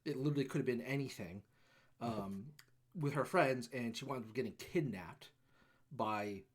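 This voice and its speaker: A man's voice: medium pitch, normal speed, breathy edge. A man co-hosting a casual movie podcast, ranting and swearing as he retells a plot and acts out lines. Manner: animated ranting, swears, acts out characters in quotes. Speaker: podcast co-host. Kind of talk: casual movie review chat.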